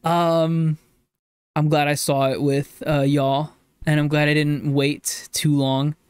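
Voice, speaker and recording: A fairly high-voiced man co-hosting a podcast who gushes with excitement and often leaps up in pitch. The sound is dry and close, with no room around it. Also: slow pace, clean tone, no room sound. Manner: excitable, gushing, gasps and jumps up in pitch when delighted. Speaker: podcast co-host. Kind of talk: casual chat.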